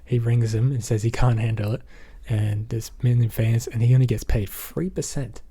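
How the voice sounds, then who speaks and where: The speaker is an Australian male movie reviewer who recaps a film casually and rambles, frequently saying "basically" and "um." His medium-pitched voice is mellow and slightly rough, fairly even in intonation, at normal speed.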